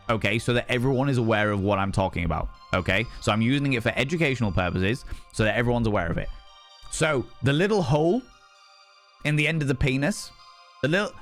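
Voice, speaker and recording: A man in his thirties talking casually on a live stream, candid and profane, rambling and breaking into animated outbursts. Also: mid-range voice.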